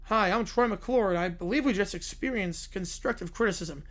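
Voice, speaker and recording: A hoarse man voicing a smarmy, chipper middle-aged cartoon actor who gives slow showbiz introductions. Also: high voice, a bit bright.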